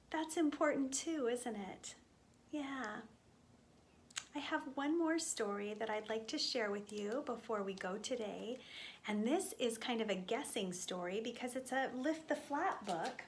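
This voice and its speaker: A woman leading a storytime for young children, speaking gently and with exaggerated expression. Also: a little high, a little hiss or hum.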